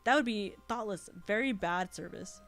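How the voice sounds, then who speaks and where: A woman's voice: medium pitch, normal speed, fairly bright tone, faint music behind. A woman streamer reading a visual novel aloud, adding giggly, sweary asides. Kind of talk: reading a game aloud with commentary.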